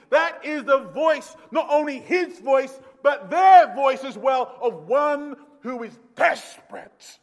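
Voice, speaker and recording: Male pastor, very high voice, emphatic preaching that drops to a hush and rises to shouts, long church reverb. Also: expressive, takes it slowly, few pauses. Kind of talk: sermon. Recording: long echoey reverb of a hall.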